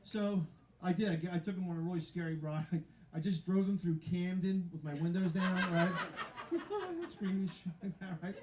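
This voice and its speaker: Male stand-up comic, high voice, rambling self-mocking delivery, laughs at his own jokes, roomy live venue sound. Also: animated, normal speed, a little mellow, slight background noise. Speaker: stand-up comedian. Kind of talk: stand-up comedy set. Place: live comedy venue with audience.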